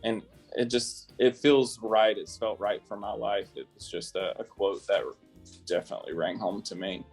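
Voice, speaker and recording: A man's voice: on the low side, steady tone, moderate pace, soft background music. A man from South Carolina, a guest in a casual interview, talking chattily with lots of fillers and laughs. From South Carolina, USA.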